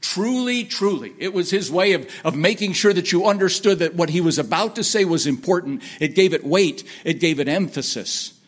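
A man's voice: sits high, a little fast, few pauses, husky. Folksy man preaching with emphatic repetition. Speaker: pastor. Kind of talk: sermon. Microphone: sermon on an iPad from notes.

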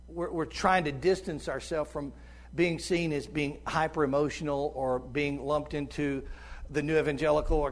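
A middle-aged man with a squeaky tenor voice preaches as a visiting minister. Full of passion, he moves back and forth between loud urging and hushed tones.

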